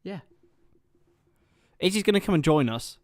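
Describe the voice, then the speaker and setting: A man doing chatty live football commentary for a watchalong stream, excitable and talking to his viewers. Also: sits high, moderate pace, no echo.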